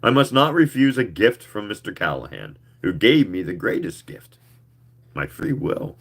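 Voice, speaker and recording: A man's voice: on the low side, very animated, normal speed, a bit bright, breathy edge, heavily acted. A man reading the part of an earnest, formal alien man who is part machine, in a storybook reading.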